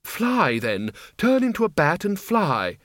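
A man doing a mild, calm old wizard. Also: high-pitched, slow pace, no echo, studio quality, pitched above the performer's own voice, full character voice. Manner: mild, matter-of-fact.

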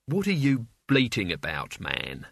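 A man voicing a gruff, irritable old male wizard who snaps his words bluntly and impatiently, in a storybook reading. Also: on the low side, huge pitch swings, a little slow, a bit bright, no echo, studio quality, pitched below the performer's own voice, full character voice.

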